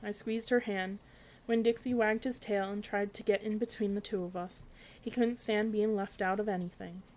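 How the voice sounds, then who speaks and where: A woman's voice: mid-range voice, steady tone, normal speed, a little mellow, poor audio. A woman reading a children's bedtime story aloud, giving characters light voices.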